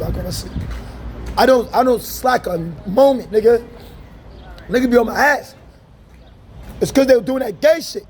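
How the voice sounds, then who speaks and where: A man telling wild personal stories in a casual, profane, laughing manner, outdoors by a street. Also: high-pitched. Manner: profane, laughing, animated storytelling. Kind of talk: casual storytelling. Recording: loud street traffic noise.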